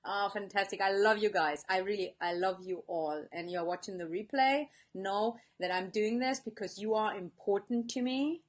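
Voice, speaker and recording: A woman's voice: mid-range voice, moderate pace, few pauses. A woman life coach giving an earnest live-stream talk, speaking straight to her viewers and reading out their comments. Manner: earnest, warm-hearted, speaks to viewers directly.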